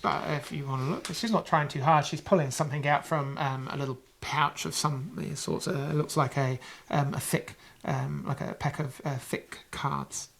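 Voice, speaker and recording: A man with a New Zealand accent narrating as game master of a tabletop game, rambling with many pauses and restarts. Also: fairly high pitch, steady tone, creaky, fairly bright tone.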